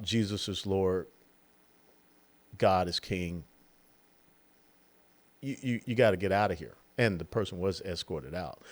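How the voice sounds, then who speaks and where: An older man in his sixties delivering a political commentary monologue, animated and mocking, now and then mimicking the people he talks about. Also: fairly low pitch. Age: 60s.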